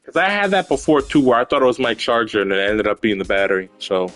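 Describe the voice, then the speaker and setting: A man's voice: medium pitch, quick pace, fairly bright tone, faint music behind. Rambling, foul-mouthed male streamer. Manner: rambling, swears casually. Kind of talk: casual gaming stream chat.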